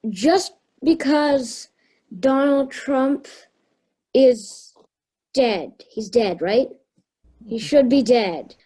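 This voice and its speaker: A woman's voice: high voice, extremely slow, long pauses, warm tone, slightly rough, rough recording. A young woman improvising a story, hesitant and thinking aloud as she goes. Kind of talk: improvised round-robin storytelling.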